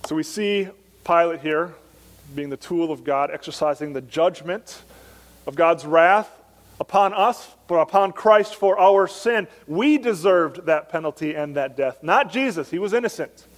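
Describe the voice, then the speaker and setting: Earnest preacher man in a reverberant church. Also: a little high. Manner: earnest preaching, slows down to stress key phrases. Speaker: pastor. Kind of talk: sermon.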